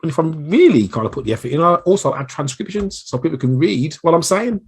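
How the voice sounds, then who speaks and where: Filming himself on camera, this Brummie-accented marketing coach for small businesses gives a casual solo training. He talks fast in a fairly high, slightly rough voice with lively intonation, rambling chattily and poking fun at himself.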